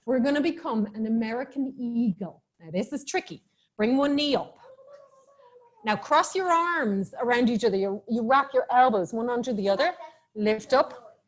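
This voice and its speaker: A woman's voice: fairly high pitch, lively intonation, moderate pace. Playful woman leading kids yoga. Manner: playful, encouraging, chatty, laughs often. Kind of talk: live online kids yoga class instruction. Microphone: video call.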